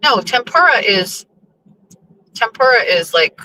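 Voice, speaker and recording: A woman's voice: fairly high pitch, very animated, measured pace, sharp tone, a little hiss or hum, poor audio. A young woman host chatting casually to her listeners while driving, rambling and cursing in exasperation. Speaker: show host.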